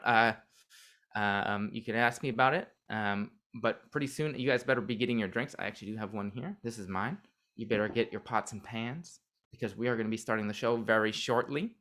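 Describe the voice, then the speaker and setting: A man hosts a podcast livestream, talking casually to viewers before the show starts. His voice is bright and forceful, and he rambles with playful asides. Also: medium pitch. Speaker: podcast host.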